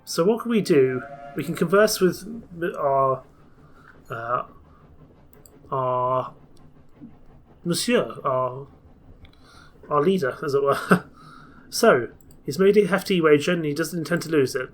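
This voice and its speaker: A man's voice: fairly high pitch, expressive, slow, long pauses. A man casually commenting on a story game and reading its text aloud in a chatty, rambling way. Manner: chatty, rambling, self-correcting. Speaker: let's play host.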